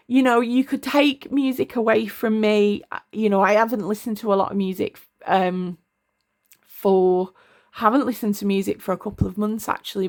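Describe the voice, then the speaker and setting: A middle-aged woman talking to camera at her desk in a casual, rambling way, often stopping to search for words. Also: mid-range voice. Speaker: tarot vlogger. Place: indoors at a desk.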